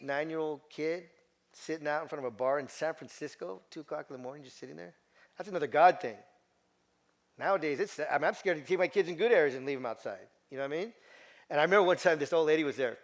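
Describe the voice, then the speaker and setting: A middle-aged man giving a motivational talk to a group, telling a personal story in an emphatic way and repeating phrases. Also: a little high. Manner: emphatic, repetitive storytelling with quoted voices. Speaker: motivational speaker.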